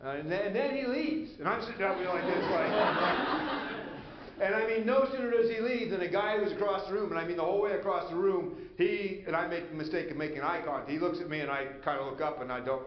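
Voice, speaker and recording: Storytelling pastor in an echoey church. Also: male voice, fairly high pitch, quick pace, highs cut off. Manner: storytelling, acts out quoted voices, conversational asides. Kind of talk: sermon.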